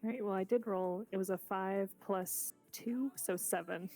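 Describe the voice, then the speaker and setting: A woman's voice: mid-range voice, normal speed, warm tone, soft background music. A woman playing in a tabletop game, talking casually and hesitantly with frequent laughs. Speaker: player. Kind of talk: casual chat.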